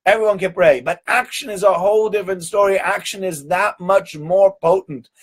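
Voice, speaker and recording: A man teaching a weekly Torah lesson, telling stories in an animated way and often repeating words. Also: high-pitched, moderate pace, breathy edge.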